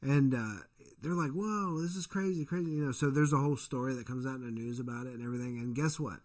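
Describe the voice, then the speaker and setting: On a laid-back podcast, a male co-host who is a father rambles through a story full of profanity, performing the quoted voices of its characters. He talks quickly in a mid-range, darkish voice with fairly even intonation.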